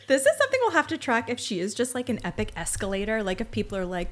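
A woman co-hosts a casual podcast recap in a very lively voice whose pitch swings widely. She sounds incredulous and acts out the lines she quotes. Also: fast, few pauses. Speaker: podcast co-host.

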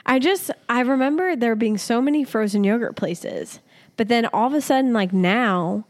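A woman's voice: fairly high pitch, lively intonation, moderate pace, a little mellow. A woman co-hosting a podcast in casual chat, blunt and emphatic, teasing her co-host.

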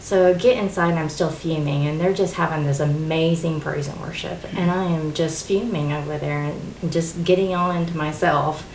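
A middle-aged woman co-hosting a casual faith talk, telling a personal story in an animated way and laughing often. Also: deep voice, normal speed, few pauses, slight background noise. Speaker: co-host. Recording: echoey room.

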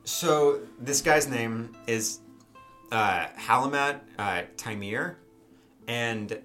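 Bright-voiced rambling male game master. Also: medium pitch, very slow, soft background music. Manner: rambling, filler-heavy. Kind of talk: narrating a tabletop game.

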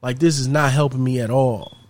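A man's voice: medium pitch, steady tone, brisk, darkish tone, dry recording, lightly acted. A man doing a worried, struggling mother. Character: struggling mother, anxious and doubtful.

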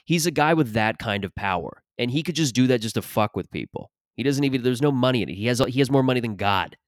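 A man's voice: medium pitch, lively intonation, fast talker, no echo, studio quality. A man hosting a podcast, talking in a casual, profane, rambling comic monologue that drifts between topics, a little short of breath. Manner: profane, rambling, restarts often. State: short of breath after an allergic reaction. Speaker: podcast host and stand-up comic.

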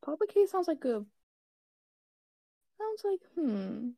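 A British woman is chatting playfully on an online group call. Her voice is soft and mellow but sits fairly high. She weighs her opinions with small pauses, and the sound is dry and close to the mic. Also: big pitch swings, vocal fry, no room sound. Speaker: friend recording the chat. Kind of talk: casual chat.

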